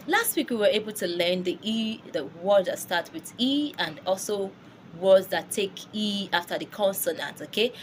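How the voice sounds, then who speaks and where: A woman's voice: lowish voice, a bit bright, a little hiss or hum. A woman teaching French pronunciation online, drilling words and laughing often. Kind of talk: online language lesson.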